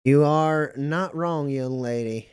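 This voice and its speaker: A man's voice: fairly high pitch, slow pace, darkish tone, clean tone, dry recording, studio quality. A man voicing a commanding, courteous male militia captain with a folksy drawl. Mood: stern. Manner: drawling, formal with a folksy edge.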